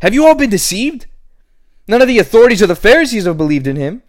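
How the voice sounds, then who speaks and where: A man voicing a scornful, indignant male Pharisee leader, speaking in a sneering, heated and rapid way, much higher than his own voice and a bit off-mic. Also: very animated.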